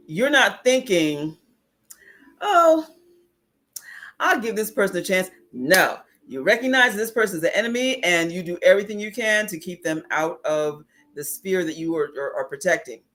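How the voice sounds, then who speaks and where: A woman spiritual teacher giving a livestream talk, reflective, laughing often and greeting viewers as she reads their comments. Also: deep voice. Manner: reflective, laughs often, acts out inner voices.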